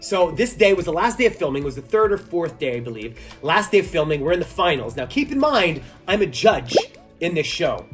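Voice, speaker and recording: A man, a magician, telling a story in a casual vlog, animated and laughing as he goes. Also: a little high, a little fast, faint music behind. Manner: animated, laughs while telling, acts out voices. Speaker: magician and kids' entertainer.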